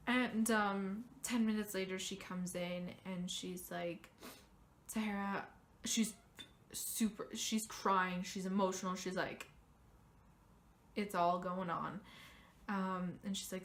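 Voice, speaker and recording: Young adult woman vlogger, slow and candid, emotional personal story. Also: mid-range voice. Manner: candid, emotional, animated when quoting others.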